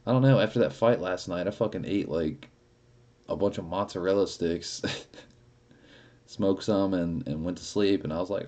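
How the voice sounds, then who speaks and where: During a casual live stream, a young man with a low, slightly mellow voice chats at a moderate pace. He rambles, swears a lot, and laughs often.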